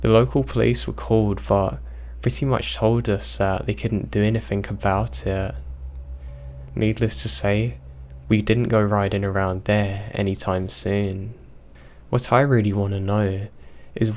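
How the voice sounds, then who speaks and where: A young man reading horror stories aloud, in a slow, even storytelling manner. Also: on the low side. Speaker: narrator.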